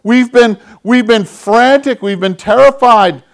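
A man's voice: very high voice, measured pace, pitched above the performer's own voice. A man doing a frantic, scolding mother. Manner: pleading, upset. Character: frantic worried mother scolding her son.

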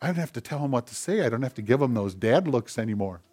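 An older male pastor preaching a sermon, dropping to hushed tones and rising to emphatic, louder passages. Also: mid-range voice, lively intonation, quick pace, breathy edge. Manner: swings from hushed near-whispers to loud emphatic preaching; acts out quoted voices in soft tones.

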